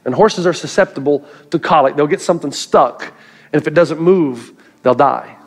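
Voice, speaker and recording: Preaching in church before a live congregation, this middle-aged man speaks at a normal pace in a somewhat high voice. His sermon is earnest storytelling sprinkled with gentle humor.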